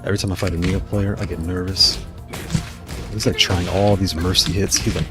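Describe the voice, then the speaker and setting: A man's voice: deep voice, flat delivery, music in the background. A man casually commenting on his fighting game matches, trash-talking opponents and then apologizing. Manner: playful trash talk, quick apologies. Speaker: gaming streamer.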